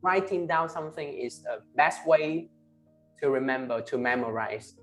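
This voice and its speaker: Vietnamese guy teaching english online, says each word slow, keeps going "right? huh?", soft music way in the back. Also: medium pitch. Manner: ends phrases with tag questions "right?" and "huh?"; slow, emphatic model pronunciations. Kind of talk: online class, pronunciation drilling.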